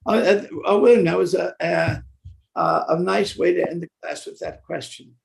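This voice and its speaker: An older man with a gravelly, fairly high voice gives a devotional scripture class. He talks genially and haltingly, with fillers and restarts. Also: steady tone, slight background noise. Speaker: class speaker.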